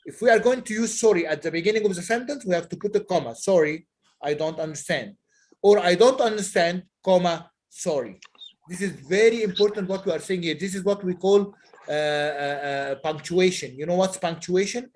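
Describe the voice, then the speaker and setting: Man, Egyptian accent, high voice, online English teacher, patient, repeats phrases. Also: fast, darkish tone. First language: Egyptian Arabic. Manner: patient, repeats and drills example sentences. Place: online class over video call.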